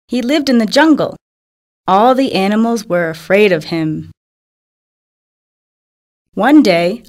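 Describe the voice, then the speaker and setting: Woman slowly reading a children's story. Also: mid-range voice, a little mellow. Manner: slow, clear and simple storybook reading.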